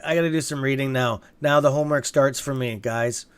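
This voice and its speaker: A man with a medium-pitched, clear, resonant voice talks briskly while hosting a stock-trading livestream. Casual and chatty, he answers viewer comments aloud and swears openly when frustrated.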